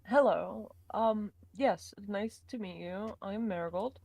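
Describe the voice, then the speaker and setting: A woman's voice: mid-range voice, takes it slowly, vocal fry, a little mellow. A woman playing a tabletop game, talking hesitantly and giggling in casual chat. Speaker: player.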